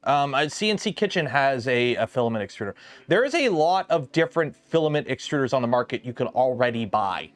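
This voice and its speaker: A man's voice: mid-range voice, very animated, fairly quick, dry recording. A man hosting a casual livestream from his garage workshop, chatting loosely with lots of ums and restarts as he builds. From lives south of Detroit. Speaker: livestream host building a 3D printer.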